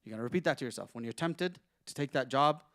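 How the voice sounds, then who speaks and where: A sheikh teaching an interactive Quran lesson in a conversational way, asking his listeners questions and reciting Arabic verses quickly. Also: medium pitch, animated, a bit bright, no echo, studio quality.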